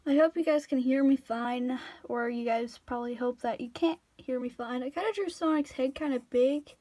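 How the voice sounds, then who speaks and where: Young woman with a high, cartoony voice, tired and rambling, self-deprecating, stammers while narrating a drawing. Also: moderate pace, warm tone. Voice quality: cartoony put-on voice. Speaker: drawing tutorial vlogger. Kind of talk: casual drawing commentary.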